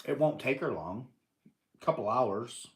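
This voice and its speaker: A man's voice: medium pitch, animated, a little slow. An older man hosting a casual live stream, answering viewers and teasing them playfully, often laughing. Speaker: livestream host.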